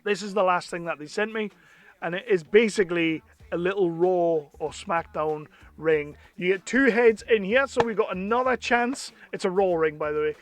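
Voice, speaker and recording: An English man chatting casually and excitedly as he unboxes and reviews toys. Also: high voice, normal speed. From England. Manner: chatty and enthusiastic, with bursts of excitement. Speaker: toy reviewer.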